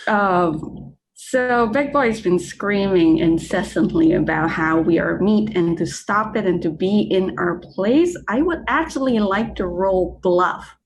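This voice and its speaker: A woman's voice: medium pitch, expressive, slow, rough recording. A woman playing a tabletop game, giggly and self-deprecating as she describes her character's actions. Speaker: player.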